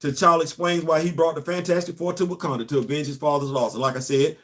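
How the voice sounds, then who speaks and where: A middle-aged man hosts a casual comics talk, speaking straight to his viewers. His voice sits a little high, and he often builds into loud, animated outbursts. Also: quick pace. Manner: animated, talks straight to the audience, rising to loud exclamations. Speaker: host of a comics commentary channel.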